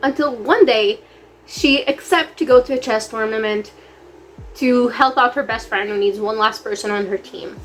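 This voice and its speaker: A woman chatting casually in a reading vlog, gushing excitedly and peppering her talk with "like.". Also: on the high side. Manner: gushing, excited, heavy use of "like". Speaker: book vlogger.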